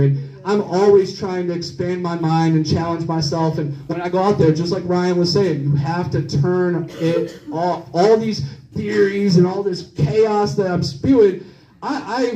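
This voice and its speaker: A man's voice: high voice, warm tone. A man speaking earnestly and a little rambling on a conference panel. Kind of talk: reflective panel talk. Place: conference room. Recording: echoey room, far from mic.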